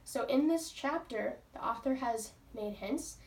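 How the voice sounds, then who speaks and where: A woman's voice: fairly high pitch, unhurried, darkish tone. A woman teacher reading a book aloud to her class and stopping patiently to ask the pupils questions. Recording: roomy, from far off.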